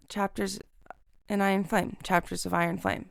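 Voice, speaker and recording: A woman's voice: medium pitch, fairly even intonation, moderate pace, gravelly, fairly bright tone, no room sound, clean studio sound. Giggly, swearing woman podcast co-host. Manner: giggly, swears freely, self-mocking. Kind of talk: casual chat.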